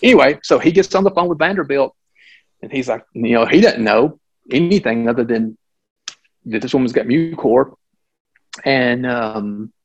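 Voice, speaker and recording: A middle-aged man, a physician, tells a case story in a conversational, animated way, with frequent restarts and asides. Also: mid-range voice, normal speed, long pauses, highs cut off. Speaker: physician guest.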